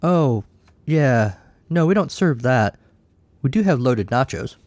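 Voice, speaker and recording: A man voicing a friendly, unfazed young woman bartender, talking brightly and chattily. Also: mid-range voice, very animated, takes it slowly, no room sound.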